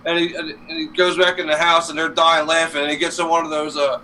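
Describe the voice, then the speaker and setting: Fast and sharp, with little pitch movement, a man's voice on the high side rambles profanely as co-host of a casual live stream, heavy on fillers. The distant mic catches faint noise.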